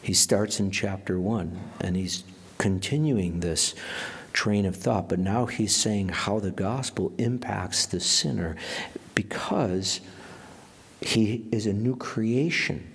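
A man's voice: lowish voice, slow, creaky, slightly rough. A man preaching a sermon as pastor, emphatic, dropping to a whisper for quoted lines.

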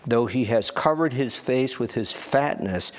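A man teaching a Bible study, reading scripture aloud and then explaining it in a halting, conversational way. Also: medium pitch, expressive. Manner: slow, halting, conversational asides.

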